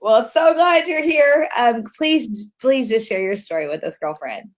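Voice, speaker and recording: A woman's voice: on the high side, expressive, a little slow. A woman hosting a mothers' webinar over a video call, speaking in an effusive, gushing way. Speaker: host of a webinar for moms. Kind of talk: casual livestream hosting.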